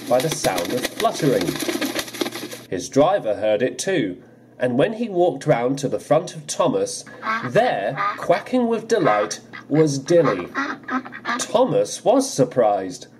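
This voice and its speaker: A man narrating a children's storybook adaptation in an expressive reading style, with music underneath. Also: medium pitch, slow pace, background noise.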